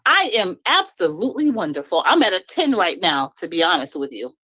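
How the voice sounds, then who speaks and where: Blunt, lively-voiced woman venting. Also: lowish voice, brisk, husky, dry recording, dull audio. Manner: blunt, emphatic, laughs while venting. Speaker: caller sharing her story. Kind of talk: casual chat in an online talk room.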